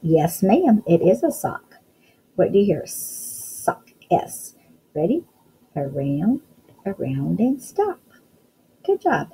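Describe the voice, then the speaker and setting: Woman teacher, unhurried delivery, encouraging phonics lesson for young kids, sounds out letters. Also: lowish voice, big pitch swings, dark tone, a little hiss or hum, rough recording.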